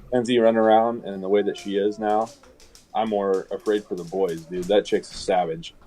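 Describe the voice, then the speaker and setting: A man's voice: lowish voice, flat delivery, moderate pace, warm tone. A man chatting casually with a friend, joking and laughing easily. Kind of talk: casual chat.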